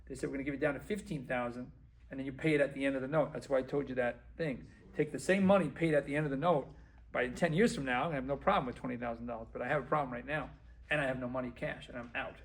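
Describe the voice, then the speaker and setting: A man, a dentist, giving a motivational talk to a group, acting out conversations and repeating phrases for emphasis. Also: medium pitch. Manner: animated, acts out dialogue and repeats phrases for emphasis.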